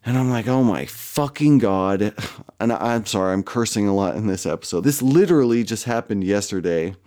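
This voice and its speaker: Brief: podcast host, man, low dark voice, profane and laughing storyteller. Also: expressive, fast. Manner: profane, laughs often while telling. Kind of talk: casual storytelling.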